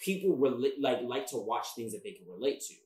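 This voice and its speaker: A man's voice: medium pitch, animated, fast, darkish tone. Talkative man in an echoey room. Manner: rambling, restarts, emphatic. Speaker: podcast co-host. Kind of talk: casual chat. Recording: roomy echo.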